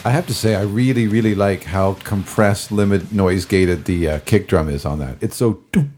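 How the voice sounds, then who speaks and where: A man hosting a casual hockey podcast, his voice a little gravelly, rambling with fillers and self-corrections. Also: low voice, normal speed, music in the background. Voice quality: gravelly, recovering voice. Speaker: podcast host.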